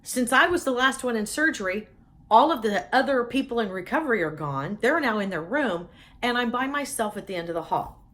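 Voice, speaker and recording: A woman's voice: fairly high pitch, lively intonation, fairly quick, fairly bright tone. A middle-aged woman telling a personal story with humor, laughing often.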